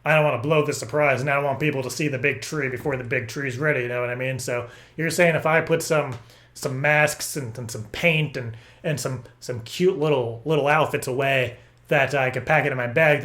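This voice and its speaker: A man making a prank phone call, rambling and stammering through deadpan absurd stories. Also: mid-range voice, a little fast. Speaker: prank caller.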